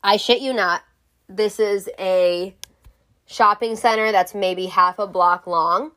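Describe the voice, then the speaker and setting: A woman's voice: medium pitch, steady tone, slow pace, bright, forceful tone. Young woman ranting a storytime, cursing, exasperated. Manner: blunt, profane, exasperated storytelling. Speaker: vlogger. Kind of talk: storytime vlog.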